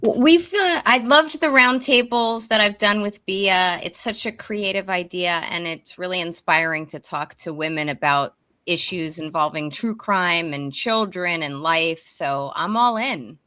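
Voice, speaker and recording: A woman's voice: lowish voice, unhurried, sharp tone. A woman attorney joining a livestream as a guest, upbeat and friendly. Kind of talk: casual livestream chat. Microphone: online video call.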